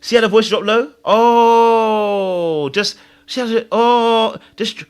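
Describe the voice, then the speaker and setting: A man hosting a reality-show reaction video, talking excitedly, laughing and breaking into imitations as he comments. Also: high voice, takes it slowly, smooth. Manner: excitable, laughs, mimics voices mid-sentence.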